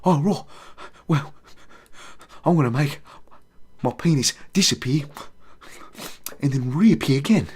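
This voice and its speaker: A man's voice: fairly high pitch, measured pace, long pauses, a little mellow, breathy edge, pitched above the performer's own voice. A man doing an impression of an older English film actor, drawn out and leering.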